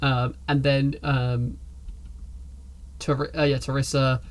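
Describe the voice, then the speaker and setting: A man's voice: medium pitch, little pitch movement, slow pace. A man narrating a tabletop game as game master, chatty with frequent restarts. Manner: chatty, many fillers and restarts.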